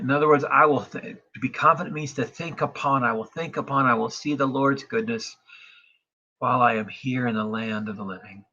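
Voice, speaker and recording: A man's voice: mid-range voice, pushed and bright, dull audio. Man leading a meditative online sermon. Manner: slow, meditative reading with pauses and invitations to breathe. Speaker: pastor. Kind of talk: sermon with scripture reading.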